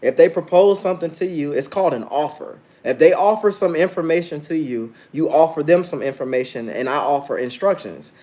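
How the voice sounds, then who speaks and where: A man's voice: fairly high pitch, expressive, fairly quick, few pauses, mellow. A man in his thirties hosting a casual livestream, talking brashly and preaching at his viewers, challenging chat to answer him. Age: 30s. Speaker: livestream host.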